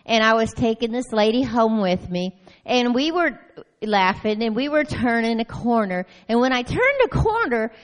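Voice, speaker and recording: A woman giving an animated personal testimony at a church meeting, telling her story with frequent laughter. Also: on the high side. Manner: lively storytelling, often breaks into laughter. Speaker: church member sharing a testimony.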